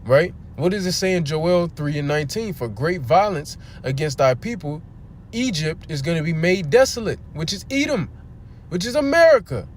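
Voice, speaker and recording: A man with a fairly high voice preaching on a livestream near a street. He is fervent and blunt, swearing as he talks. He reads scripture and fires rhetorical questions at his listeners, with a faint hum of background noise. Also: lively intonation, moderate pace. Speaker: preacher streaming a scripture teaching.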